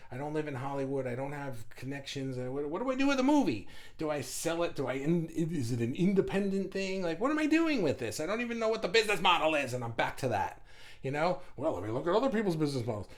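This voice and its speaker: A fairly high-voiced man talking on his own live stream. He rambles and swears freely, and his delivery is animated. He reads viewer comments aloud and answers them on the spot. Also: fairly quick. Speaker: livestream host. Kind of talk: casual live-stream monologue.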